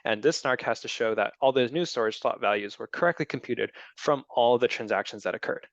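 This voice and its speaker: A man's voice: medium pitch, a little fast, no echo. Guy explaining stuff in a talk, lots of ums, kinda muffled dry audio. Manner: explanatory, with many ums and restarts. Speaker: presenter. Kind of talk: technical talk with audience questions.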